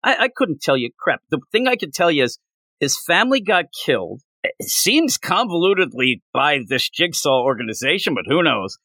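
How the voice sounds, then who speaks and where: Male podcast co-host, bright and animated, sarcastic and exasperated. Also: on the high side, normal speed, no room sound. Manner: sarcastic, exasperated, mocks lines in put-on voices. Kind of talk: casual comic book review chat.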